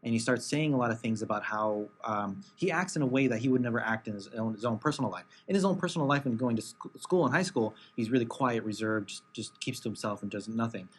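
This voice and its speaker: A man co-hosting a casual podcast chat, halting and full of fillers, poking fun at himself. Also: mid-range voice, slight background noise. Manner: hesitant, many fillers and restarts, self-mocking. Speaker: podcast co-host.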